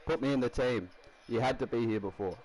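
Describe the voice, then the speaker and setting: While building a rugby team in a game, a gaming streamer rambles and laughs often in casual commentary. He speaks briskly in a medium-pitched, darkish voice over poor audio.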